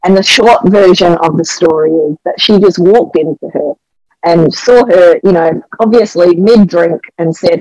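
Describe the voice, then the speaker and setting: A woman's voice: on the low side, measured pace, darkish tone, no room sound, dull audio. A middle-aged Australian woman, the wife of a pastor, tells church stories in an earnest and emotional way, with a lot of animation. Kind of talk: testimony storytelling on a podcast.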